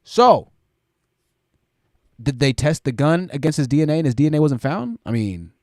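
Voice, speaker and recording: A live-stream host, a man whose voice sits high and leaps up and down as he talks. He reads viewer super chats aloud and reacts with loud exclamations. The sound is dry and close, with no room in it. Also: normal speed, no room sound. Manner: animated, exclaiming, thinks aloud. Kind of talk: commentary reading super chats.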